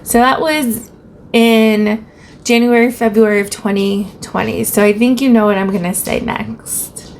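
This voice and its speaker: A woman's voice: on the high side, steady tone, measured pace, slight background noise. Woman telling a personal story casually. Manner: conversational, retelling dialogue in her own voice. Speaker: teacher and vlog host.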